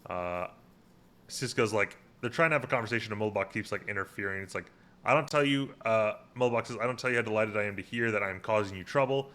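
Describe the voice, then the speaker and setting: A man's voice: fairly low pitch, quick pace, a bit bright. A man co-hosting a podcast, recapping an episode in casual chat and paraphrasing the scenes with lots of fillers.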